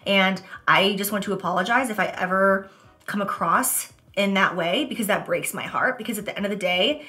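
A woman's voice: medium pitch, moderate pace, bright, forceful tone. A young woman vlogging while doing her makeup, talking candidly and emotionally to her viewers. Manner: emotional, earnest confessional talk. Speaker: beauty vlogger. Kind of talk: candid get-ready-with-me talk.

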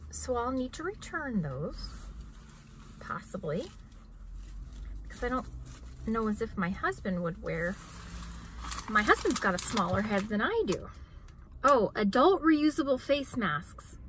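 A woman in her thirties chatting casually in a haul vlog, self-mocking and quick to laugh. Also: a little high, bright, forceful tone, slight background noise, poor audio. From United States. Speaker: vlogger.

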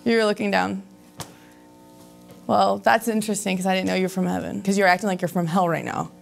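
A woman's voice: medium pitch, fairly even intonation, brisk, gravelly, faint music behind. A woman hosting a sketch comedy show, self-absorbed and snippy, rambling with many ums. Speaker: show host.

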